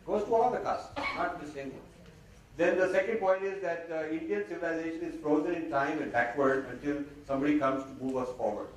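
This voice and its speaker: A man giving a lively, sardonic talk to an audience, slipping Hindi phrases into his English. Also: on the high side, a little fast. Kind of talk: lecture to an audience. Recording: very echoey hall, mic far off, faint noise.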